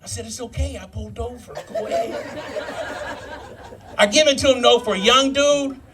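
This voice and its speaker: A stand-up comedian in his fifties, speaking with an extremely high pitch at a moderate pace, performs a live set at a brew pub comedy show. He tells profane stories and works the crowd over a noisy background.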